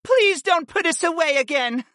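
A man's voice: very high-pitched, animated, moderate pace, bright, forceful tone, dry recording, studio quality, pitched above the performer's own voice, exaggerated voice. A man voicing an eager, desperate young female goddess in a storybook reading, with a whiny, pleading manner.

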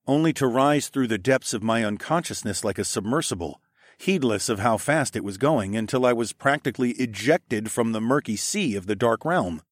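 A man's voice: mid-range voice, expressive, normal speed, no room sound, clean studio sound. A man narrating an audiobook in the first person, telling the story expressively.

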